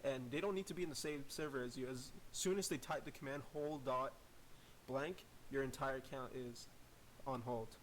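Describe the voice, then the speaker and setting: A man's voice: mid-range voice, normal speed, poor audio. Guy explaining stuff, stop-start, mid voice, bit of hiss. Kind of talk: casual chat. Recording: faint hiss.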